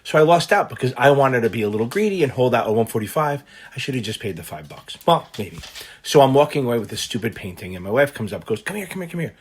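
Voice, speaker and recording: A man tutoring for a finance exam, explaining concepts through an animated, loosely told personal story with the odd swear word. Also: medium pitch, fast talker, breathy edge. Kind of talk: casual lesson told through a personal anecdote.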